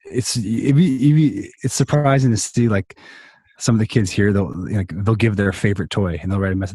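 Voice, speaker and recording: A man's voice: fairly low pitch, brisk, warm tone, slightly rough, dry recording, studio quality. A man telling a long story in a casual interview over a video call, rambling with many restarts and fillers. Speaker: songwriter guest.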